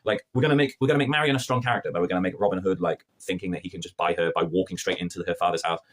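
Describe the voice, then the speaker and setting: A man's voice: low-pitched, racing. A man reviewing a TV episode to camera in an exasperated, sarcastic, slangy rant. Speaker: film and TV reviewer.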